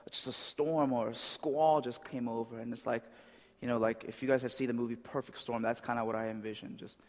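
A man's voice: mid-range voice, fairly even intonation, fairly quick, darkish tone. A man preaching a conversational sermon as a pastor, often checking in with "right?". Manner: conversational, with frequent "right?" asides. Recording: long reverb of a large hall.

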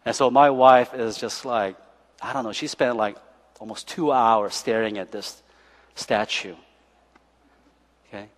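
A man preaching a sermon as pastor, animated and joking, often checking in with the congregation by asking "okay?" and "right?". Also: mid-range voice, measured pace, pauses often. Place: church sanctuary. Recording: long church hall reverb.

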